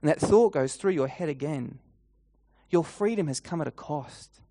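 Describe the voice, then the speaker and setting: A man preaching a sermon, retelling a scene vividly in the second person and slowing down and softening his voice for emphasis. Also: fairly high pitch, no room sound, clean studio sound.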